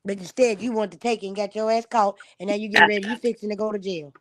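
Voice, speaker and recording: A woman's voice: medium pitch, steady tone, fast talker. A woman hosting a casual livestream chat, blunt and emphatic, swearing freely. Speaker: livestream host.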